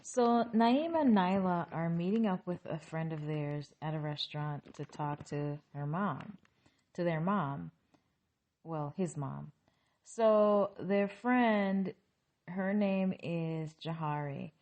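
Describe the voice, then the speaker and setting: Woman host, casual TV recap, lower-pitched, opinionated and exasperated. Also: slow pace, a little mellow.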